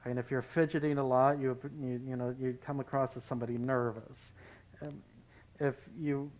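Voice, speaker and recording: A pastor leading a Bible study, talking in a conversational way and telling anecdotes. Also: male voice, mid-range voice, little pitch movement, moderate pace, darkish tone, poor audio.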